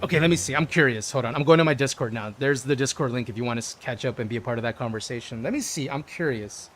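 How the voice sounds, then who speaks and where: A man's voice: mid-range voice, quick pace, slight background noise. Chatty man streaming a game. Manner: relaxed, chatty, reads chat aloud. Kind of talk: casual game-stream chat.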